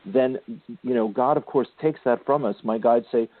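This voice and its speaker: A man hosting a spiritual radio show, gently counseling a caller and calling her darling and sweetie. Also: medium pitch, normal speed, no room sound. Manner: gentle, affectionate, calls listeners darling and sweetie. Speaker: spiritual intuitive radio host. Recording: tinny phone-line sound, dry.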